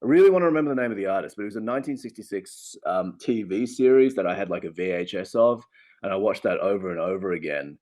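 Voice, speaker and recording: A man in his thirties from Australia talks over a video call from home in a low-pitched voice that swings widely when he gets excited. He rambles cheerfully, laughs often, and restarts his sentences. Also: fast talker. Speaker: actor. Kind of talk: casual interview chat. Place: home with a loft.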